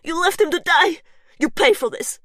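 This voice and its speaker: A woman's voice: extremely high pitch, normal speed, a bit bright, no echo, clean studio sound, pitched above the performer's own voice. A woman voicing a fierce young woman with a strong Polish accent who speaks in broken English, furious and tearful.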